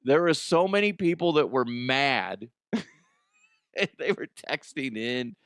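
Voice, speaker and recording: A man's voice: medium pitch, lively intonation, unhurried, fairly bright tone, no echo, studio quality. Laughing, profane male comedy host. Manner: laughs often, profane, self-mocking. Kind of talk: casual comedic news chat.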